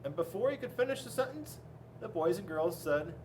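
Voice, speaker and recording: Man, storybook read-aloud, playful, exaggerated, high voice, slightly distant mic. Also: expressive, fairly quick, a little mellow, a little hiss or hum. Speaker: police officer reading to children.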